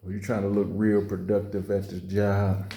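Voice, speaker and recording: Mellow low-voiced man acting out scenes. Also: monotone. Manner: rambling, acts out little scenes with quick character asides. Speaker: comedian. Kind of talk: observational comedy monologue.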